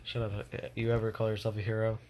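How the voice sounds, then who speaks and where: A contemptuous male king in a spoken fan retelling, as a man puts him on, lowish in pitch and stumbling through his accusations with fillers. His voice sits low with faint noise behind. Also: close to an everyday voice. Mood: scornful. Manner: halting, full of fillers even in character.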